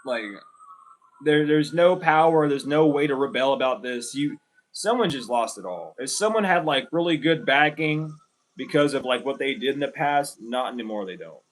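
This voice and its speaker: A man's voice: mid-range voice, lively intonation, moderate pace, rough recording. A man giving a casual spiritual tarot reading, blunt and emphatic, swearing often and repeating himself. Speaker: tarot reader.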